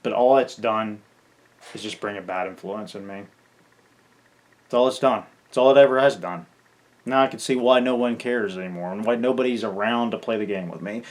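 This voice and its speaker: A man's voice: lowish voice, normal speed. A gaming content creator venting in an angry farewell rant, swearing and stumbling over his words.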